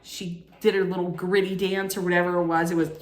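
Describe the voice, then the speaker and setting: A woman's voice: lowish voice, flat delivery, brisk, a little hiss or hum. A woman recapping a reality show in a casual, sarcastic way, laughing at her own jokes. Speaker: recap vlogger. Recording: echoey room.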